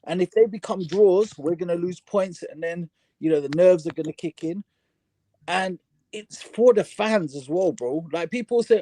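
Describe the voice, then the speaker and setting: A young man vents with sarcastic frustration, his voice high for a man yet mellow and soft-edged. The sound is dry, with no room around it. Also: normal speed, no echo, rough recording. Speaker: fan panel guest. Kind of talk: casual fan podcast chat.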